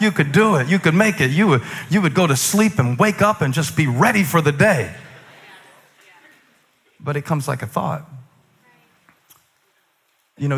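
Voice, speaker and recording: A male pastor preaching a sermon, moving between loud, emphatic peaks and quiet, musing asides, with humorous remarks to the congregation. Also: on the high side, expressive, unhurried, long pauses, slightly rough, big-room sound.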